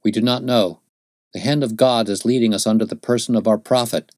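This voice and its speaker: A man's voice: mid-range voice, fairly even intonation, brisk, darkish tone, no echo, clean studio sound, voice pushed up, lightly acted. A man doing a fervent young pilgrim. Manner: fervent, solemn preaching tone. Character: stern zealous young male pilgrim. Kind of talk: audiobook character voice.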